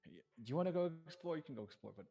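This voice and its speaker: A man's voice: on the high side, big pitch swings, rapid-fire, vocal fry, dark tone, husky. A man playing a tabletop game, talking in a hesitant, wry way. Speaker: player.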